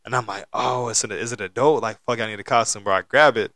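A man's voice: medium pitch, fast talker, sharp tone, dry recording, clean studio sound. A man in his late twenties co-hosting a podcast, telling stories in loose, profane casual chat with frequent laughter. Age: 20s. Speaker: podcast co-host.

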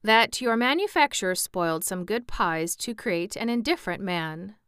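A woman's voice: medium pitch, animated, moderate pace, a bit bright, clean tone, no echo, clean studio sound, lightly acted. A woman voicing a pompous, severe male scarecrow king who speaks in a lofty, reproving way, in a storybook reading.

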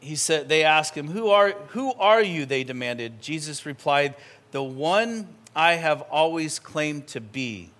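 Man, preacher, slightly high voice, lively storytelling, church sermon. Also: unhurried. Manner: animated, conversational, acts out scenes. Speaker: pastor. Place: church sanctuary.

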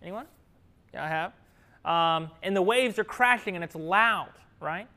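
A man preaching a sermon, lively and conversational, often asking the congregation questions and laughing easily. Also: high voice, a little slow.

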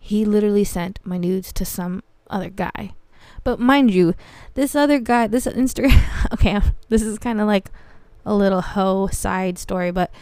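A young woman tells a story in a blunt, animated way, full of slang and swearing. Her voice is smooth and clear. The sound is close and dry. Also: mid-range voice, no room sound. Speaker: podcast host. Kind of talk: casual storytelling monologue.

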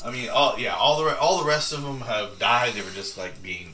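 A man's voice: medium pitch, a little fast, sharp tone, echoey room, a little hiss or hum. A man running a tabletop game as game master, narrating in a loose, rambling way with plenty of restarts and fillers.

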